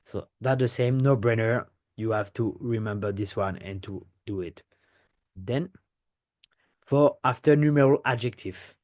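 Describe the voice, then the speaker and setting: A man's voice: mid-range voice, unhurried, a little mellow. Man, French accent, native French speaker, language teacher, patient step-by-step explanations, frequent check-ins. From France. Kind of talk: pronunciation lesson to camera.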